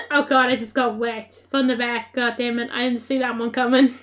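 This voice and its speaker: A woman giving live gameplay commentary, excitable and laughing often, with playful trash talk at the other players. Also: on the high side, moderate pace, hardly any pauses. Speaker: gaming creator.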